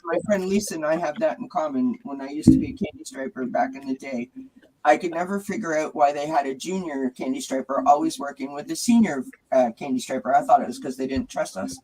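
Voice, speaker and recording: A man hosting a casual chat and telling a lively anecdote. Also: on the high side, brisk, breathy edge, rough recording. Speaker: host.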